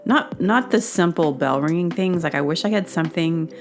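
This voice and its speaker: A woman's voice: fairly low pitch, moderate pace, faint music behind. A woman hosting her own show, telling a long casual story with many fillers and restarts, acting out what people said. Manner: acts out quoted dialogue with bursts of excited laughter. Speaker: podcast host.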